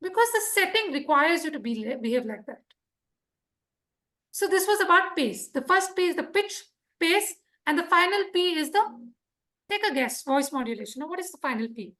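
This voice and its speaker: A high-pitched woman runs a lively speaking workshop. She fires questions at the room and acts out short examples. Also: moderate pace. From India. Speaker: public speaking trainer. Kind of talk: interactive workshop lesson. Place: club meeting room.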